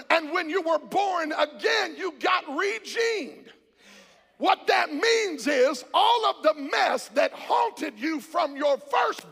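A man preaches with a very high, gravelly voice, shouting his points in rolling rhythmic bursts and calling on the congregation to answer back. His sermon rings through a large church hall with long reverb. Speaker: pastor.

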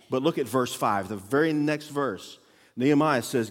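A man preaching a sermon as a guest pastor, telling a story with acted-out quotes and sudden loud bursts. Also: mid-range voice, slow, in a large hall. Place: church auditorium.

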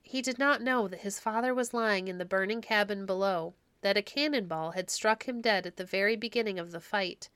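A woman reads classic stories aloud in a gentle, measured storytelling manner. Her voice is smooth and clear at a middle pitch, recorded close on a studio mic with a dry sound. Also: no echo. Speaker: storytelling podcast host. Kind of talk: storybook read-aloud narration.

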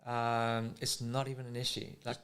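This surf coach, South African by accent, has a mid-range voice and a moderate pace. His casual explanations of technique turn excited and draw on ordinary comparisons.

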